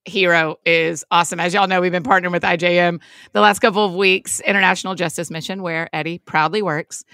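A woman's voice: on the low side, fairly even intonation, fairly quick, a bit bright, clear, resonant tone, no echo. A woman co-hosting a podcast, chatting casually and reading a sponsor story in a chatty, laughing way. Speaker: podcast co-host. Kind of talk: casual chat and sponsor read.

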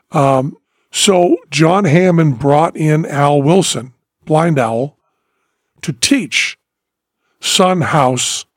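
A man hosts a casual podcast chat, spinning long excited stories about music and now and then breaking into song. His voice sits a little higher than most men's. The sound is close and dry, with no room around it. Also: no echo. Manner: animated storyteller, bursts into sung snippets. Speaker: podcast host.

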